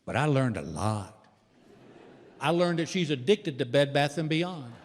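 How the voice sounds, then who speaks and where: On stage in a big theater before an audience, this comedian tells homespun stories, voicing every character in the exchanges himself. He speaks at a measured pace in a medium pitch with lively intonation, and the recording carries the reverb of the live hall.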